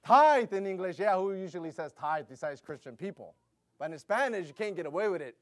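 A middle-aged man preaching a sermon, telling stories with animated delivery, laughing and acting out voices. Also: sits high, a little fast. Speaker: pastor.

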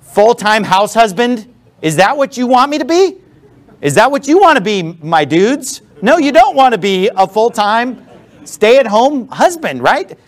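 Man pastor preaching in church, high voice, blunt and punchy, goes all over in pitch. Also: sing-song, unhurried. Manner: emphatic, blunt, with sarcastic asides. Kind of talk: sermon. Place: church with a responding congregation.

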